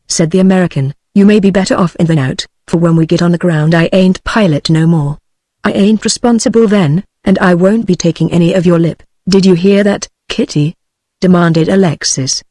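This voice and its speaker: A woman's voice: fairly low pitch, dry recording. Synthetic British woman reading a novel. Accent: British English. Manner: even, uniform reading of all characters. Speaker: audiobook narrator. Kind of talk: synthetic audiobook narration.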